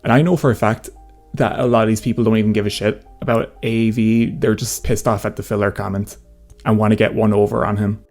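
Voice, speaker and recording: A man's voice: fairly low pitch, little pitch movement, fast, a little mellow, soft background music. A nineteen-year-old man giving a sarcastic, profane commentary rant in a casual way. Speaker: commentary YouTuber. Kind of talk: ranting commentary.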